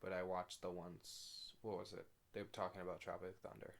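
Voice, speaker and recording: Low-voiced young man, blunt podcast chat. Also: completely flat delivery, brisk, gravelly. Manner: blunt, repeats "I don't know". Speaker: podcast co-host. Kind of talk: casual chat. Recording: faint background noise.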